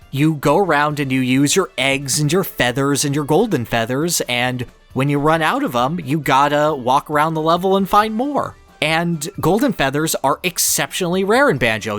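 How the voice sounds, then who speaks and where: In a casual game discussion, this man's fairly high, somewhat bright voice carries his passionate, analytical views. As podcast co-host, he speaks in long, eager streams of opinion, piling point upon point.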